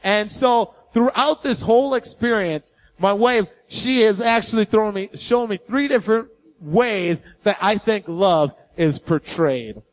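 A young man with a high-pitched voice gives a sermon as a guest speaker. He tells stories in a lively, self-deprecating way, with big vocal swings in his retellings. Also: unhurried. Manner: animated, self-mocking storyteller. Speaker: guest preacher. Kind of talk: storytelling sermon.

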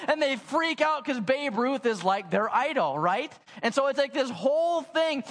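A young adult man preaching a sermon in a church. He tells stories casually and with animation, using lots of "like," and his voice has a long church reverb. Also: sits high. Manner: casual, animated storytelling with many "like" fillers. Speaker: pastor. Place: church sanctuary.

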